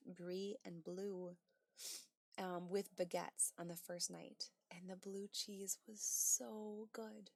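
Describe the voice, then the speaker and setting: A woman hosts a casual livestream, reading chat messages aloud and answering with bright exclamations and soft asides. Her voice is mid-range, and the clean studio sound has no echo.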